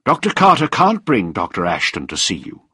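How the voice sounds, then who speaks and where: A man's voice: lowish voice, wildly swooping pitch, normal speed, sharp tone, slightly rough, dry recording, clean studio sound, heavily acted. A man voicing a commanding male lord who gives curt orders in a storybook. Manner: giving orders.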